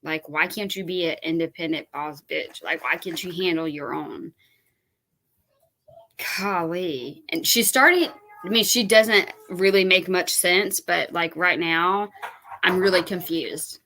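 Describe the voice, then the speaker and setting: A woman's voice: lowish voice, unhurried, bright, forceful tone, a little hiss or hum, poor audio. A woman hosting a reaction commentary, exasperated and incredulous. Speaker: commentary host.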